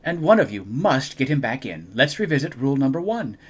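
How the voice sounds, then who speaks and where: A man's voice: mid-range voice, sing-song, a little fast, breathy edge, voice pushed up. A man doing Mister Z, a stern monster boss. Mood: instructive. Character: stern male monster boss, bossy and formal.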